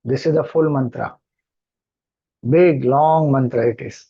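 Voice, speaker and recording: A man with an Indian English accent giving a scripture discourse, chanting mantras slowly and then explaining them. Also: medium pitch, creaky, slightly rough, muffled recording. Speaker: spiritual teacher.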